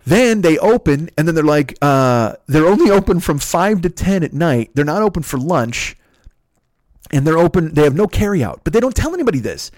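A man's voice: fairly high pitch, big pitch swings, a little fast, no room sound, clean studio sound. A man from Chicago hosting a podcast from home, delivering a profane, exasperated comedic solo rant. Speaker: podcast host. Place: his home.

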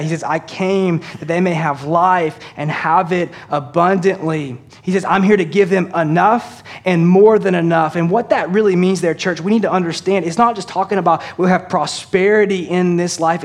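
A man preaching a sermon, speaking earnestly to his congregation and easing into slow, soft emphasis on key lines. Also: on the high side. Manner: earnest preaching, addresses congregation as church and y'all. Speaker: pastor.

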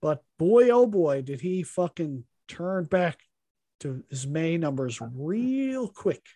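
Male podcast co-host, animated delivery with swinging pitch, dry close mic, salty trash-talking banter. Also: slow pace, no room sound. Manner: profane, mock-insulting, playful trash talk. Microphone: podcast microphone.

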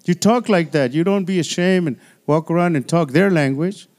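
A man's voice: on the high side, moderate pace, darkish tone. A male pastor preaching a sermon in a loose, conversational way, full of "you know" and "hallelujah", often repeating and restarting words.

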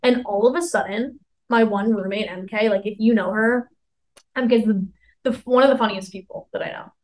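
A woman's voice: mid-range voice, steady tone, a little fast, a little mellow, poor audio. A young woman in her twenties co-hosting a podcast, telling a rambling story full of "like" and acted-out quotes. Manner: rambling, heavy use of "like", acts out quotes. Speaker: podcast co-host. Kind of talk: casual storytelling chat.

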